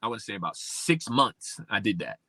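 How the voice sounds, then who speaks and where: A man from Pennsylvania, a podcast guest, telling his story in an animated, casual way, acting out what people said and leaning on "like" a lot. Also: on the low side, brisk, no echo. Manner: animated, acts out quoted speech, many fillers like "like".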